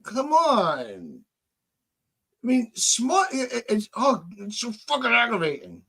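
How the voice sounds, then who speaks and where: A man's voice: extremely high pitch, wildly swooping pitch, slow pace, bright, forceful tone, husky. A man hosting a podcast, venting with frustration, swearing and restarting his sentences. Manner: frustrated, repetitive restarts, profane. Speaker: podcast host. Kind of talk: heated casual podcast chat.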